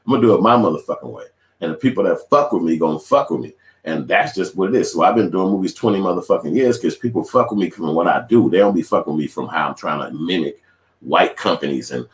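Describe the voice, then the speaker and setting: Deep-voiced and quick, a man in his 40s from Chicago riffs to camera with lively intonation in a roomy-sounding space. The independent filmmaker and vlogger's casual reaction rant is full of profane, emphatic street talk.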